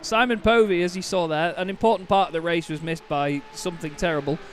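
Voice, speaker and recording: A young man commentating a sim race live, chatty and quick to laugh with his co-host. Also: sits high, fairly even intonation, a little hiss or hum. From Britain.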